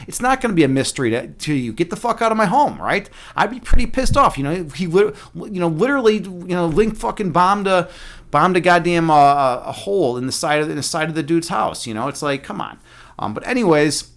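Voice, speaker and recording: A young man streaming live, rambling casually with lots of fillers and swearing. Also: on the high side.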